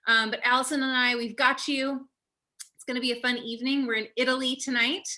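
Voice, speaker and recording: A woman's voice: high-pitched, level tone, a little fast, bright, forceful tone. A young woman casually hosting an online wine tasting over a video call, chatty and upbeat with lots of fillers.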